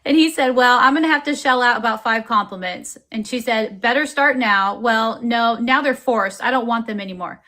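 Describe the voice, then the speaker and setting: A woman's voice: a little high, normal speed, few pauses. A woman streamer reading text messages aloud in a casual commentary style, chuckling now and then. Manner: reads quoted messages in an even storytelling voice, with chuckles.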